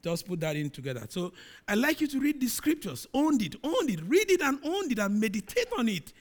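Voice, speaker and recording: This middle-aged man's sermon has a brisk, sing-song quality as he dramatically reads scripture. His delivery climbs to loud, emphatic peaks and then drops low and quiet.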